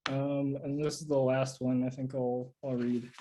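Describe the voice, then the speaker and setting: A man reading his own absurd poems aloud at a live reading, in a deadpan way. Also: mid-range voice, unhurried, a little hiss or hum, low-quality recording. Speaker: poet reading own work.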